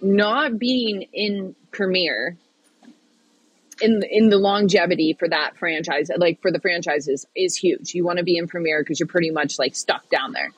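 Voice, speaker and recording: Animated, husky-voiced woman chatting. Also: on the low side, dry recording, rough recording. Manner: animated, fast, laughs often. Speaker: podcast guest, pickleball player. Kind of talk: casual chat.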